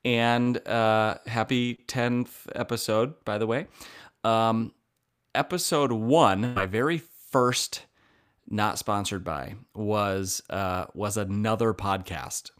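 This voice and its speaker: Upbeat young man with a lowish voice. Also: fairly bright tone, clear, resonant tone. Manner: upbeat, joking, quick asides. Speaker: podcast co-host. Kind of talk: casual chat.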